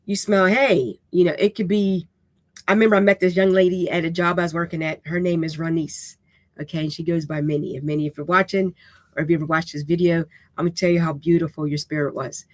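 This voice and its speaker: A woman's voice: lowish voice, steady tone, fast talker, no room sound. A woman hosting a live-streamed writing lesson, talking in a casual, direct and unapologetically raw way, often checking in with "okay?". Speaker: writing instructor and host.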